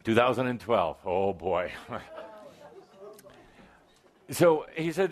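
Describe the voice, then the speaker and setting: Man giving a wry, lively spiritual talk. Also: lowish voice, takes it slowly, pauses often. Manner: wry, playful asides with sudden emphatic bursts. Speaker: channeler speaking to a live audience. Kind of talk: spiritual talk to a live audience. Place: event hall with live audience.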